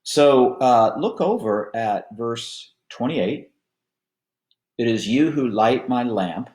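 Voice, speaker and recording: A male pastor leading a Bible study in an unhurried, conversational teaching manner with frequent filler words. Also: medium pitch, animated, darkish tone, reverberant.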